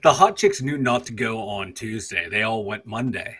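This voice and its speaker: A man with a Pittsburgh accent, co-hosting a casual sports podcast and firing back quick wisecracks. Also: lowish voice, a bit bright, slightly rough. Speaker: podcast co-host.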